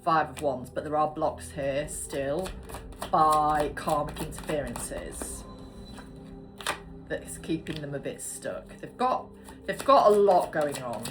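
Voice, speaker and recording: A British woman in her forties gives a casual tarot reading, speaking slowly in a low voice with music in the background. She's chatty, prone to swearing and wandering off on tangents.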